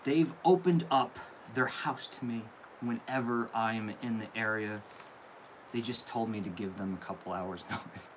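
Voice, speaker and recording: A man's voice: on the low side, moderate pace, slight background noise, low-quality recording. A young man hosting a casual live stream, opening viewer mail and gushing with thanks. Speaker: candle channel host.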